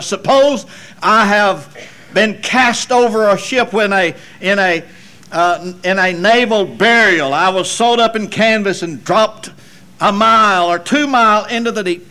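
A man delivering a sermon in a high, unhurried voice. He swings from loud, emphatic passages to low, quiet asides and drops in folksy remarks along the way. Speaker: preacher.

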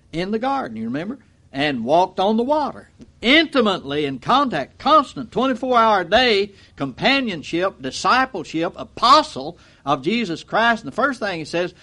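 A man preaching an expository sermon in a folksy way, acting out quotes and swinging from loud to low. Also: very animated, moderate pace.

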